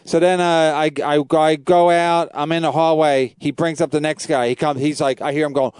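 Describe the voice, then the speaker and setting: A man's voice: fairly high pitch, level tone, moderate pace, hardly any pauses, darkish tone, clean tone, dry recording. A man, a comedian and podcast host, telling rambling profane stories in casual chat.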